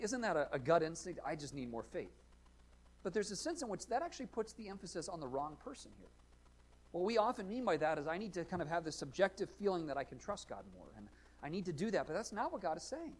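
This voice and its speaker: An American pastor delivers an earnest sermon in a voice on the high side, posing rhetorical questions, building to emphatic points and then dropping into quiet asides. The audio quality is poor.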